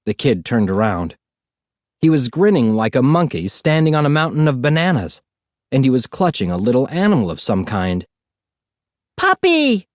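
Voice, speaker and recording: A man narrating a storybook in an expressive, animated reading. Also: medium pitch, fairly quick, dry recording, studio quality. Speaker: audiobook narrator.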